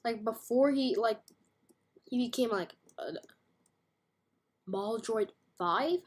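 Woman rambling through a game, kinda husky, talks slow, goofy and slangy. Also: a little high, a little mellow. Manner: playful, chatty, slangy. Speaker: game streamer. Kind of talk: casual gameplay commentary.

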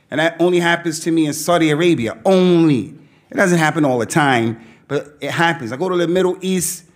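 Animated preacher, streetwise slang. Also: male voice, on the high side. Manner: streetwise American slang mixed with Arabic phrases; animated storytelling, quoting himself. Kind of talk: talk to a youth audience.

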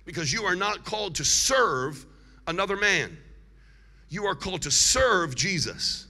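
Bright high-voiced man preaching in a hall. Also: big pitch swings. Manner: preaching with call-and-response and emphatic drawn-out declarations. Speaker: guest evangelist preacher. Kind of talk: sermon. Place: large church hall. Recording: live sermon with long hall reverb.

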